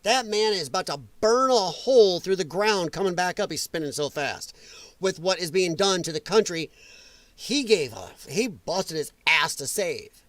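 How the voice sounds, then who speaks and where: Brief: male show host, high voice that swings wildly, sarcastic and worked up, dry close sound. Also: expressive, normal speed, fairly bright tone, no echo. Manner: heated, sarcastic, mocking. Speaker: political commentary host. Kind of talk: livestream rant.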